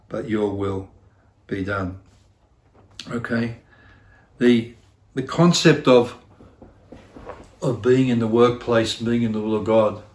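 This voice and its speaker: Earnest male pastor in an echoey church. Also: mid-range voice. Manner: earnest, repeats phrases for emphasis, self-deprecating. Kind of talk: sermon.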